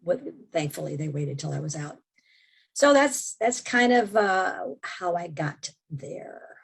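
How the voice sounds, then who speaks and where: A woman guest on an interview podcast, telling a personal story in a lively conversational way, sometimes dropping to a hushed voice. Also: fairly low pitch, slow, vocal fry, breathy edge. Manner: animated storyteller, drops to hushed tones. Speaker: memoir author and interview guest.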